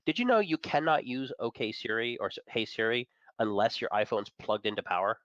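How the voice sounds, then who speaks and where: A man's voice: mid-range voice, lively intonation, a little fast, a bit bright, no echo, lo-fi sound. A man chatting as a guest on a talk show, enthusiastic and opinionated, chuckling between points. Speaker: guest, managing editor of an entertainment and tech site. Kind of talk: casual chat.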